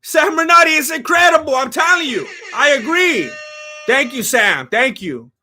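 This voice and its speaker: A man hosting a live fight watch-along, talking casually and excitably, rambling with restarts and bursts of shouting. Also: very high voice, moderate pace.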